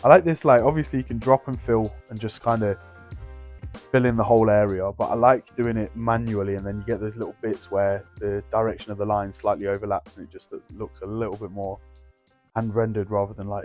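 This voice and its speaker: A man's voice: flat delivery, brisk, darkish tone. Man musing aloud, faint music behind. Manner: rambling, musing aloud in a low murmur. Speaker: travel vlogger and illustrator. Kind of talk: casual chat. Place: outdoor café and streets of a city.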